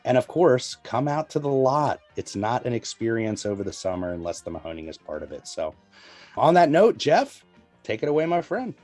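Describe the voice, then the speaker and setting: A man hosting a casual podcast, excitedly plugging upcoming events. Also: mid-range voice, normal speed, faint music behind. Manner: excited, promotional, says "you know" a lot. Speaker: podcast host.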